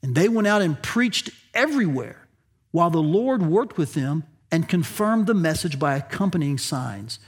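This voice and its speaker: A male pastor delivering a sermon in a notably high voice. He preaches emphatically, lifting his voice on key points and drawing out phrases for weight. The delivery is the steady cadence of a church message. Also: normal speed, slightly rough.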